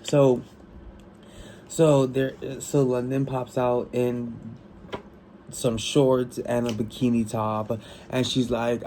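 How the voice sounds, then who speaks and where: Man, tired, rambling book chat, excitable, mellow tone, slow delivery. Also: medium pitch, a little hiss or hum, poor audio. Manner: rambling, excitable, lots of restarts and profanity. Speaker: book vlogger. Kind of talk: casual chat about a book.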